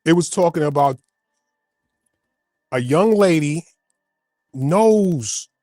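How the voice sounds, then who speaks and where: A man arguing on a panel, slightly high in pitch, who stammers and repeats himself as he gets emotional. The sound is dry and close, with faint music underneath. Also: expressive, slow pace, mellow, no room sound. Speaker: panel guest. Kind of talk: heated panel debate.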